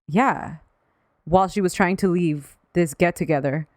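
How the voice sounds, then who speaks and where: A woman's voice: fairly low pitch, a little slow, a little mellow, no echo, clean studio sound. A woman co-hosting a podcast, reacting bluntly and with plenty of swearing in casual chat. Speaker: podcast co-host.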